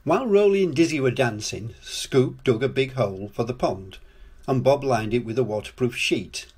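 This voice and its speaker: Older man reading a storybook, husky. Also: mid-range voice, moderate pace. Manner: gentle, lively storytelling. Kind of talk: reading a children's storybook aloud.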